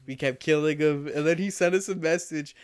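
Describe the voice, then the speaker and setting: A man's voice: on the high side, brisk, clean tone. A man in his twenties co-hosting a podcast, telling stories in a loose, rambling way with frequent laughs. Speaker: podcast co-host. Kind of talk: casual chat.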